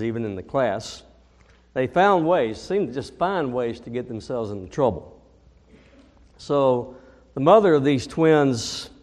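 A male pastor delivers a sermon at an unhurried, measured pace, his voice set at a middle pitch. He tells stories and reads scripture, now and then swelling into loud, emphatic lines. The sound carries the long, lingering reverb of a large church hall. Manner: slow, deliberate, builds to booming emphasis in stories. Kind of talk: sermon with storytelling.

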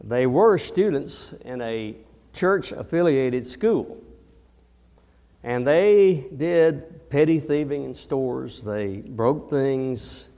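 A male pastor delivers a sermon at an unhurried, measured pace, his voice set at a middle pitch. He tells stories and reads scripture, now and then swelling into loud, emphatic lines. The sound carries the long, lingering reverb of a large church hall. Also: expressive. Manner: slow, deliberate, builds to booming emphasis in stories. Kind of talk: sermon with storytelling.

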